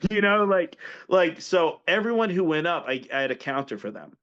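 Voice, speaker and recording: A man's voice: on the high side, very animated, moderate pace, fairly bright tone, smooth. A man telling a story as a podcast guest in casual conversation, rambling, restarting sentences and filling gaps with fillers. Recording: dull lo-fi audio.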